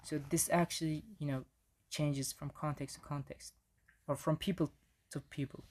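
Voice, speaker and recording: A man's voice: a little high, flat delivery, moderate pace, darkish tone. Man giving a casual slide lecture. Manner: casual, frequent restarts and fillers.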